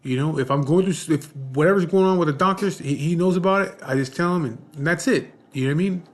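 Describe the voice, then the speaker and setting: A man's voice: fairly high pitch, quick pace. A man in his forties in a casual vlog, answering viewers' questions bluntly and frankly, swearing often and often asking "you know what I mean". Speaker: vlogger.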